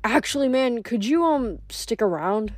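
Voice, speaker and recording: A woman's voice: a little high, lively intonation, unhurried, no room sound. A woman reading aloud, voicing an earnest teenage boy who speaks hesitantly and anxiously.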